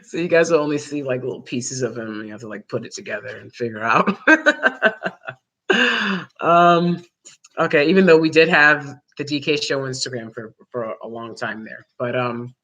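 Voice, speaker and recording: A woman hosting a vlog, giving casual opinion commentary in a rambling way, full of fillers and quick laughs. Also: a bass voice, expressive, a bit bright, dull audio. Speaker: vlog host.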